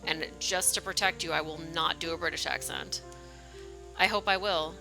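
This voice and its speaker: A woman's voice: deep voice, fairly even intonation, moderate pace, gravelly, pushed and bright, soft background music, rough recording. A young woman streaming a game, chatting casually and rambling, with lots of "like" and "um". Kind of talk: casual livestream commentary.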